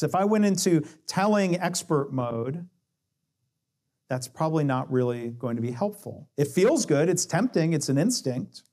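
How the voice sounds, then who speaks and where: Male speaker, slightly higher pitch, conversational teaching tone, quotes example dialogue. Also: expressive, moderate pace, darkish tone. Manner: explains with acted-out dialogue quotes, shifting pace. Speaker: speaker on coaching and lean management.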